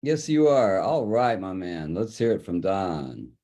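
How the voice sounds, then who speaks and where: Jovial guy hosting a reading stream, low mellow voice. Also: animated, unhurried. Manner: jovial, chatty. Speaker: host. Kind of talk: livestream hosting.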